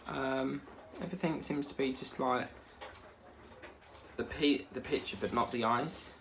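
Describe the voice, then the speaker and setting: A man's voice: mid-range voice, measured pace, a bit bright, slight background noise. A man, chatting casually as a crafting vlogger while he works, rambling and easily sidetracked.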